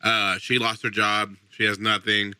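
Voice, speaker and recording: Flat-voiced, matter-of-fact man. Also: lowish voice, unhurried, smooth, no echo. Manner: matter-of-fact storyteller with fillers. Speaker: podcast co-host. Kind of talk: casual chat.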